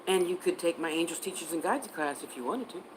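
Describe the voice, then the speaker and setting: Woman psychic hosting a livestream, lower-pitched, chatty with viewers, faint noise behind. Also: expressive, a little fast. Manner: chatty, answers viewer comments, spells words out. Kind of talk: casual livestream chat.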